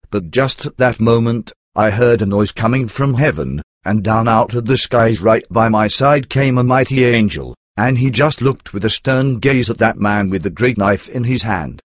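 A man reading a religious testimony aloud in a steady, earnest way. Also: on the low side, no room sound, studio quality. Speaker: reader. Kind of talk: scripted narration of a religious testimony.

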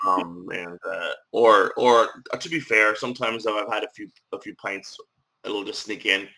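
A man with a faint Northern Irish accent chats as an interview guest, spinning a story with wry humor. His voice sits a little low but has a bright, forward edge. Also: steady tone, moderate pace, low-quality recording. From Northern Ireland. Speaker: podcast guest. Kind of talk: casual interview chat.

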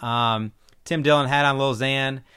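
A man's voice: mid-range voice, fairly even intonation, unhurried, pushed and bright, clean tone. A man hosting his own podcast in a casual, opinionated solo talk, rambling with frequent ums. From Iowa. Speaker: podcast host.

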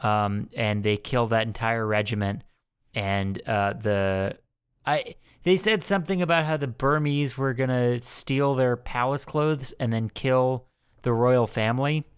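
A man's voice: mid-range voice, a little slow, clear, resonant tone, no room sound, clean studio sound. A man co-hosting a casual movie podcast, rambling and swearing with lots of fillers. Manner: rambling, profane, many fillers. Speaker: podcast co-host. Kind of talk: casual movie-review chat.

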